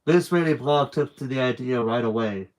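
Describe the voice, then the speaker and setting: Male reader, steady plain narration for a children's book, mid-range voice. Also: medium pitch, moderate pace. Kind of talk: live read-aloud of a children's book.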